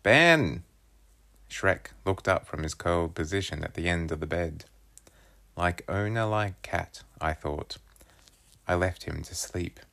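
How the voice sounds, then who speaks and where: A man reading a children's chapter book aloud, telling it in a lively first-person voice. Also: low-pitched, unhurried, gravelly. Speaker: storybook reader.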